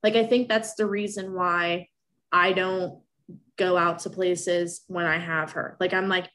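A woman's voice: fairly low pitch, steady tone, unhurried, a bit bright. A young woman telling a personal story in casual talk, emotional and rambling, with many restarts.

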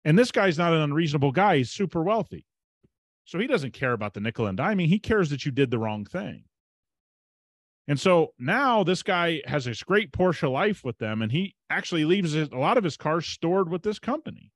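A man's voice: fairly high pitch, sing-song, moderate pace, dry recording. A man hosting a podcast, telling a story in a casual, emphatic way and retelling conversations as quoted dialogue. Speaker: podcast host.

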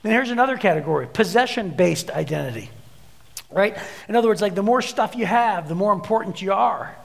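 A male pastor delivering a sermon in a high, gravelly voice, weaving in stories and putting on voices for the people in them. His words carry a long reverb, as if spoken in a large hall. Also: animated, fairly quick. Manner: storytelling, acts out voices in anecdotes.

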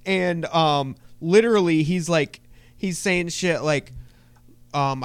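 A man's voice: a little high, takes it slowly, smooth, no echo. A man co-hosting a casual podcast, telling stories with lots of swearing. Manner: animated storyteller, swears constantly. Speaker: podcast co-host. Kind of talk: casual chat.

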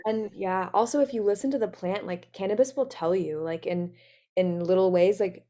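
A woman's voice: medium pitch, moderate pace, warm tone. A woman hosting a podcast in casual interview chat, enthusiastic and chatty, full of "like" fillers. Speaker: podcast host.

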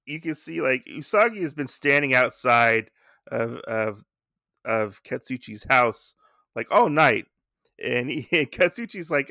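A man's voice: mid-range voice, animated, unhurried, vocal fry, sharp tone, dry recording, clean studio sound. A man hosting a podcast, casually recapping a comic book in a rambling way with lots of fillers and restarts. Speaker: podcast host.

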